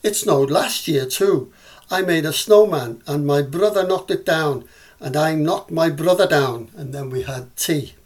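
A man's voice: on the high side, unhurried. A man with a Scouse accent reading the part of a curious small boy who questions his older self. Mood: inquisitive.

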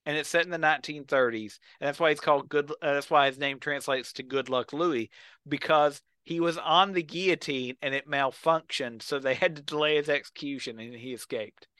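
A man's voice: a little high, brisk, sharp tone, smooth, no echo. A man on a podcast, telling a story with enthusiasm and acting out the quotes. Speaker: podcast co-host. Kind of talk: casual chat.

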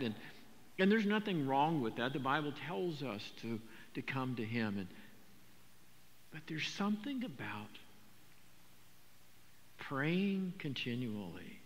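An older man preaching a sermon, talking in a conversational, animated storytelling way with frequent repetitions. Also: mid-range voice, unhurried. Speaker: pastor. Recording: long hall reverb.

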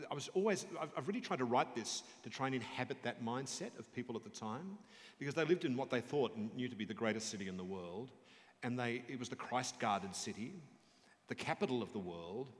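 A middle-aged Australian author speaking at a live book event, telling anecdotes and acting out voices as he goes. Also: on the low side. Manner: storytelling, animated quoted voices. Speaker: author and broadcaster. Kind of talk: public book talk, reading and answering questions. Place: university hall, live audience. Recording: reverberant hall.

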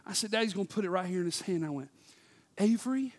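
A man preaching a sermon to his church, impassioned, swinging between loud shouts and hushed whispers. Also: high-pitched, lively intonation, fast, long reverb tail. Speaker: pastor.

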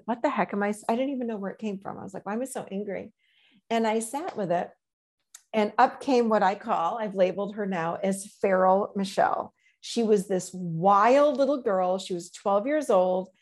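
A middle-aged woman coach telling stories in a gentle, reflective way in a casual interview. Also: medium pitch, moderate pace. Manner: gentle, reflective storyteller with many "you know"s.

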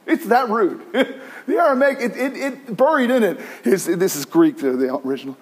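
A man preaching a sermon as pastor, animated, with many restarts, acting out the cries of the people he tells about. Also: sits high, normal speed, breathy edge.

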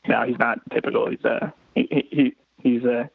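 A man from Florida, a racer calling in as a podcast guest, chatting in a relaxed, slangy way. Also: medium pitch, moderate pace, vocal fry, slightly rough, dry recording. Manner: laid-back and slangy. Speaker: guest, flat track racer. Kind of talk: casual phone-in chat. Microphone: phone. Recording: tinny dry phone line.

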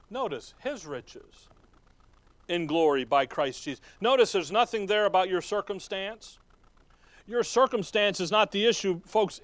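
Folksy preacher, high voice. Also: male voice, no room sound. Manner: folksy, asks the congregation questions and chuckles. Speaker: pastor. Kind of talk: sermon.

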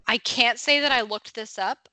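A woman's voice: on the high side, moderate pace, bright, forceful tone, dry recording. A young adult woman co-hosting a casual podcast, explaining facts in a friendly, informative way and laughing easily. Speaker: podcast co-host.

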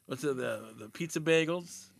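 A man's voice: a little high, normal speed. A man co-hosting a podcast, chatting casually, joking, swearing and groping for words. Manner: gravelly, swears, jokey, gropes for words. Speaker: podcast co-host. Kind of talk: casual chat.

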